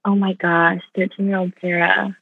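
A woman's voice: medium pitch, level tone, normal speed, creaky, breathy edge, no echo. A woman in her thirties, a podcast guest, chatting in a bubbly, self-deprecating way over a remote call. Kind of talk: casual podcast conversation. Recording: thin phone-like remote audio.

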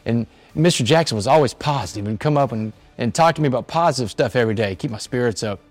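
A man's voice: medium pitch, fast talker. A man, a motivational speaker earnestly telling a personal story. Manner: earnest, quotes others in their voices. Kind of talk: storytelling speech. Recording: faint music underneath.

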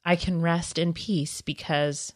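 A woman with a Southern accent co-hosting a casual faith chat, talking in an earnest, reflective, halting way. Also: lowish voice, steady tone. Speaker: podcast co-host.

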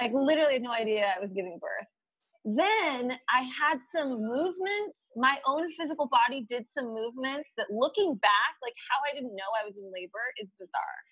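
A woman guest telling a story in a casual, animated way, laughing often and quoting her own thoughts aloud. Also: on the high side, fairly quick, breathy edge, no echo, rough recording. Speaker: podcast guest.

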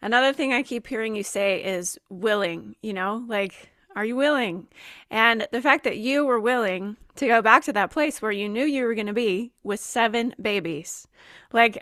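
A woman hosting a podcast interview, reflective and quick to laugh. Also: fairly high pitch, fairly bright tone, no echo, studio quality. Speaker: podcast host. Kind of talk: casual interview.

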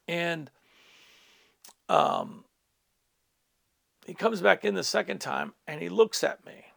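A man's voice: a little high, vocal fry, fairly bright tone. A middle-aged man, a pastor, telling a personal testimony in a teaching talk, earnest, with asides to his listeners.

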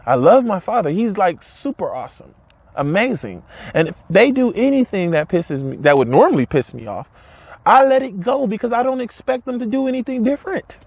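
A man with a fairly high, husky voice delivers a casual motivational talk to camera. His pitch swings widely as he hammers home his points with repeated rhetorical questions. His wording is blunt and direct. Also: sing-song, a little fast, a little mellow, dry recording. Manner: emphatic, repetitive, rhetorical questions. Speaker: motivational speaker.

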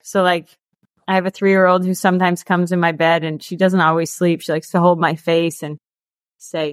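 A woman's voice: fairly low pitch, little pitch movement, normal speed, no echo. Chatty thirties woman, interview guest; dry, close-miked sound. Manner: chatty, peppered with "like" and laughs. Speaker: guest, author and coach. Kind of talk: casual interview chat.

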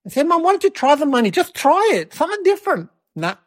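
Woman playing a little boy, cheeky, rambling, giggly, slightly high voice, comedy sketch. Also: very animated, quick pace. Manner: rambling, giggly, mimics relatives in quotes. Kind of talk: improvised comedic storytelling.

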